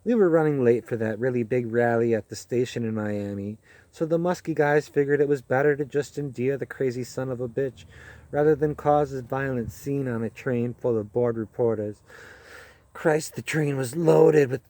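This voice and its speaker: A man voicing a weary, cynical male campaign reporter who talks gruffly and matter-of-factly. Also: mid-range voice, normal speed, mellow, natural voice. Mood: gossiping.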